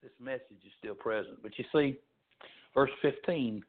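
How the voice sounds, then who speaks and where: A man preaching a fiery sermon as pastor, swinging from shouts to low, quiet lines. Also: normal speed. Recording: tinny phone-like sound.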